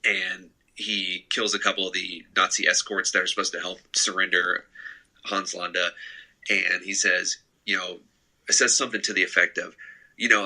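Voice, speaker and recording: A man's voice: low-pitched, level tone, moderate pace, bright, forceful tone, low-quality recording. A young man co-hosting a casual movie podcast, retelling a film plot in a rambling way with many fillers and restarts. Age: young adult. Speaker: podcast co-host.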